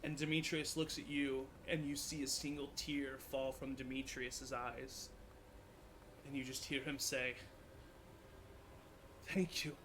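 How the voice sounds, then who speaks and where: A man serving as game master, narrating a tabletop game in a hushed, dramatic way. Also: medium pitch, a little hiss or hum.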